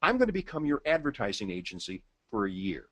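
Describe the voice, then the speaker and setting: A man giving an upbeat, persuasive sales pitch as a marketing presenter, reading out order details slowly. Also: very animated, a bit bright, no room sound.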